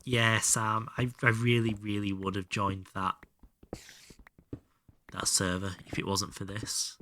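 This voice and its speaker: A man talks over his gameplay stream in a casual, joking way, reading and answering his chat. His voice sits a little low but has a bright, forward edge. Now and then he drops to a mutter under his breath. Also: completely flat delivery, slow, a little hiss or hum. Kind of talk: casual live-stream chat while gaming.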